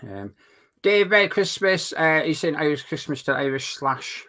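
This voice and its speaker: A man hosting a casual live stream from home, animated, swearing freely and reading out viewer comments. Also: a little high, moderate pace. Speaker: host. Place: home room.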